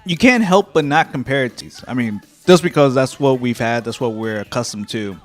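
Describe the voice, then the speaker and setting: A man's voice: medium pitch, expressive, soft background music. Laid-back man on a snack podcast. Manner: laid-back, easygoing, quick to laugh. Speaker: podcast co-host. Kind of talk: casual snack-tasting chat.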